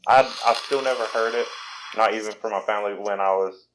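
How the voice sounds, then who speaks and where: A man's voice: on the low side, fairly even intonation, a little fast, fairly bright tone, poor audio. A man in his twenties with a Southern American accent, from Virginia, hosting a casual podcast chat in a rambling, self-deprecating way. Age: 20s. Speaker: podcast host.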